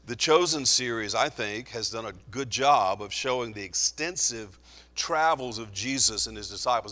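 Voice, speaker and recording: A man preaching a sermon in an earnest, emphatic way, slowing down to stress key phrases. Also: medium pitch, bright, forceful tone. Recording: long hall reverb.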